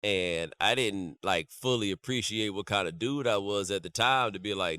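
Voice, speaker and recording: A man hosting a casual sports chat, telling animated, playful stories at a fan event. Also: lowish voice, clean tone, no room sound. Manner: animated storyteller, playful and drawn-out. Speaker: host.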